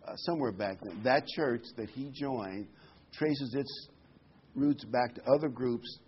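A man's voice: medium pitch, unhurried. Older male pastor, easygoing sermon delivery with stumbles; muffled recording, light background noise. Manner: conversational preaching with hesitant restarts. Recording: dull lo-fi recording with faint noise.

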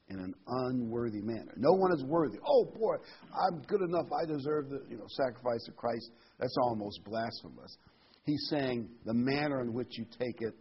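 A man's voice: mid-range voice, breathy edge, muffled recording. A man preaching a sermon, earnest and emphatic, reading scripture aloud and stressing key words.

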